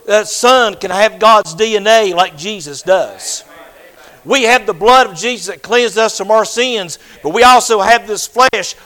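Older man, preaching, high voice, loud then hushed. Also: rough recording. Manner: swings from loud fervent preaching to hushed near-whispers. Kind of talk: sermon.

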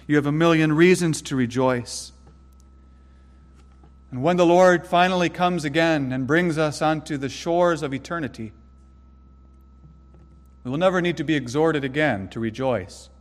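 A male pastor preaching a sermon in an earnest, emphatic way. His voice sits a little higher than most men's. He drives points home by repeating them and slows his delivery on the words he wants to land. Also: animated, in a large hall.

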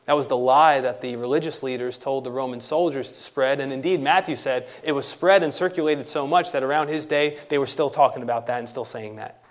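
A man preaching an expository sermon, emphatic, slowing down and rising in pitch on key phrases. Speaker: pastor.

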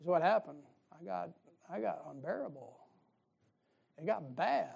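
A man's voice: fairly high pitch, lively intonation, unhurried, vocal fry, pauses often, a little mellow, husky, dull audio. Folksy man preaching a sermon. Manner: folksy, fires rhetorical questions at the congregation. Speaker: pastor.

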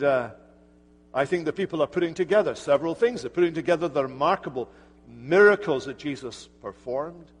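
A man preaching an earnest, emphatic sermon as pastor in a church sanctuary. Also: fairly high pitch. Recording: church hall reverb.

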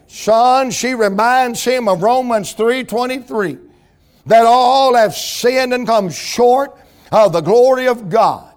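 A man preaching a sermon, building rhythmic repeated phrases and telling a story from his childhood. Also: high-pitched. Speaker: pastor.

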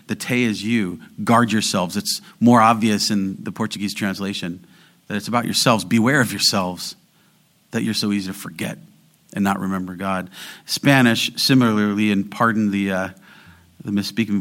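Man preaching, pastor's sermon, soft asides rising to loud emphatic bursts. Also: fairly low pitch, steady tone, moderate pace.

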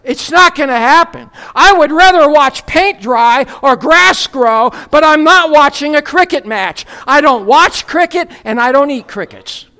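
Preacher from the United States, high voice, slow deliberate delivery, wry humor, sermon. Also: expressive, bright, forceful tone. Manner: wry, humorous asides before earnest scripture teaching.

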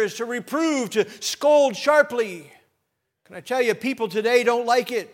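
A man's voice: very high-pitched, a little slow. A man, a pastor, preaching a sermon with emphatic rising bursts and light jokes to the congregation.

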